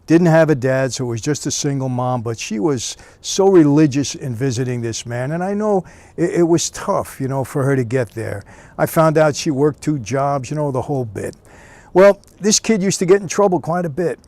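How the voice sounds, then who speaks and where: A man's voice: a little high, lively intonation, moderate pace, mellow, dry recording. Dry, conversational male storyteller. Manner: conversational, frequent "you know" fillers. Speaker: storyteller recounting prison years. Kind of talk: casual spoken storytelling.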